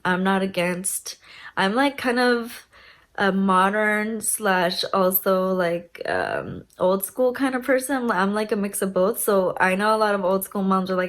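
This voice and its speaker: A young adult woman vlogger casually telling her birth story, chatty with many fillers and a lively retelling. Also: medium pitch.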